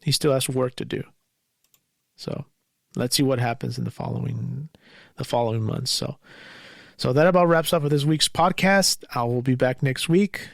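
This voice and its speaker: A man's voice: mid-range voice, normal speed, creaky, long pauses, no room sound, studio quality. A man hosting his own podcast, talking alone in an anxious, bitter way and swearing often. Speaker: podcast host. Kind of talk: solo podcast monologue.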